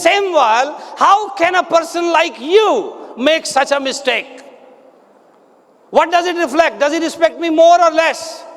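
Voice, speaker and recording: A man leads a live motivational seminar in a very high voice. He keeps the audience engaged with questions and calls for responses, pushing the energy up. His voice rings with long reverb through a large hall. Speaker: motivational speaker.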